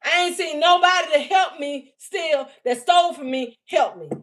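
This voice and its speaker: A woman's voice: high voice, a bit bright. Heated, profane woman reading a livestream message. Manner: profane, heated and mocking, often laughing; reads out messages slowly, word by word. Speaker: livestream spiritual reader. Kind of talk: unscripted livestream reading and rant.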